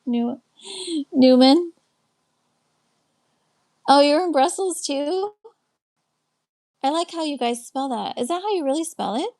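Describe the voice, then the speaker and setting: In a high-pitched, animated yet slightly mellow voice, a Texan live stream host and life coach greets viewers and replies to each comment in turn. She talks slowly with many pauses into her webcam, a little tired as things wind down.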